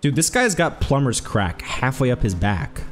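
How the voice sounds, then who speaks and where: A man streaming a video game, chatting casually and rambling, with sudden loud exclamations when something excites him. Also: mid-range voice, moderate pace. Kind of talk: casual let's-play chat.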